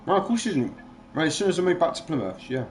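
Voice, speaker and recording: A man's voice: fairly high pitch, very animated, quick pace, slight background noise. Agitated man venting. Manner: agitated, rambling, swears freely. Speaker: livestream host. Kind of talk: casual chat.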